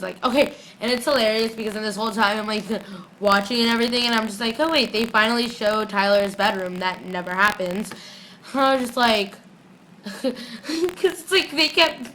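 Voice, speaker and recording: Young woman, casual fan recap, bright giggly delivery, quick character mimicry, phone audio. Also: medium pitch, slight background noise, low-quality recording. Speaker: fan vlogger recapping a TV episode. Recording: phone recording.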